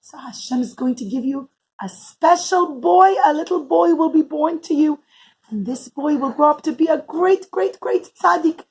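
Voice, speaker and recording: A woman, a preschool teacher, telling a story to young children in an animated, sing-song way and talking to them directly. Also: sits high, normal speed, rough recording.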